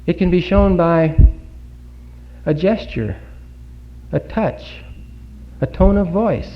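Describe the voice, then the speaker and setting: Male preacher, earnest sermon delivery, rhetorical questions, lively rising and falling pitch, dull 1950s recording. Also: slow. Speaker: speaker giving a Bible talk. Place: congregation hall.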